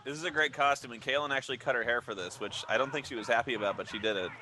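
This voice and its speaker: A man's voice: mid-range voice, rapid-fire, sharp tone, a little hiss or hum. A chatty man on a film commentary track who laughs often. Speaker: cast member. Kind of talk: casual commentary chat.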